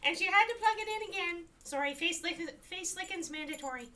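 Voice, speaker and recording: A woman's voice: extremely high pitch, fairly quick, pushed and bright, recorded from a distance, voice pushed up. A woman voicing her small female pet dog, who reads out the technical news in a formal, doubtful tone. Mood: prim, dubious. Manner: formal newsreader delivery, wry and doubtful. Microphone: desk microphone, heard from a distance.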